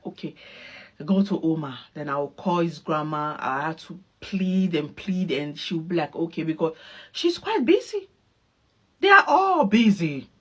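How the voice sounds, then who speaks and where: Animated mother telling a story. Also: on the low side. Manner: animated, acts out dialogue, laughs often. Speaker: mother reacting to a clip. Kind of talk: casual storytelling.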